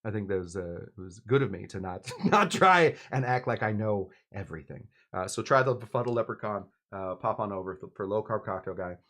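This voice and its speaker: A man's voice: on the low side, animated, fairly quick, hardly any pauses, fairly bright tone. A man hosting a live cocktail show in a casual, rambling way, full of fillers and restarts, poking fun at himself. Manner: rambling, self-mocking, with frequent fillers and restarts. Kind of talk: casual live-stream chat.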